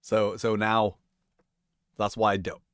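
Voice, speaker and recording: A man's voice: lowish voice, little pitch movement, takes it slowly, fairly bright tone, dry recording, clean studio sound. A man hosting a tabletop game video, chatting casually in a rambling, self-mocking way with frequent swearing. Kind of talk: casual chat.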